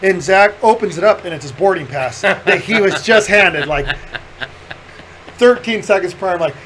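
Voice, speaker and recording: High-voiced man telling a wild story. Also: normal speed, slight background noise, poor audio. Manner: animated, profane storyteller who laughs through the punchlines. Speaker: podcast host. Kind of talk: casual chat, storytelling.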